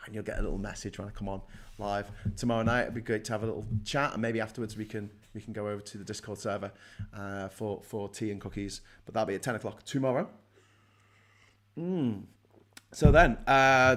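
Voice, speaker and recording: A man's voice: lowish voice, fairly quick, a bit bright. Man, middle-aged, sardonic live stream host, rambling chat, swears a lot. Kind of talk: casual livestream chat reading viewer comments.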